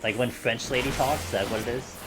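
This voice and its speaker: A man's voice: medium pitch, brisk. A man chatting casually with his live-stream audience while he plays, joking and swearing now and then. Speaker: video game streamer. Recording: game music playing under the voice.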